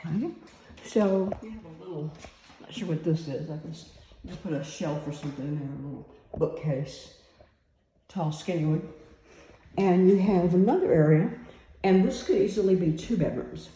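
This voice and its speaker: A woman with a warm, relaxed tone gives a casual walkthrough of an empty house, recorded on a handheld phone. She talks in an easygoing way, trails off and fills gaps with "um" while she works things out. The bare rooms add a roomy echo, with a faint hiss underneath. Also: on the low side, moderate pace, pauses often. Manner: chatty and unsure, thinking aloud with many fillers. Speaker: real estate agent giving a property tour.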